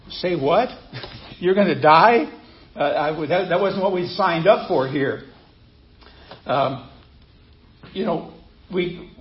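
High-voiced male pastor, conversational sermon. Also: muffled recording. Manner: conversational, asks the congregation questions.

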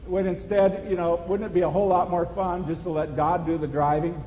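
Pastor, man, fairly high voice, earnest conversational sermon, long church reverb, muffled. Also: flat delivery, brisk, warm tone, slight background noise. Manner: earnest, conversational preaching with rising emphasis. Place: church sanctuary.

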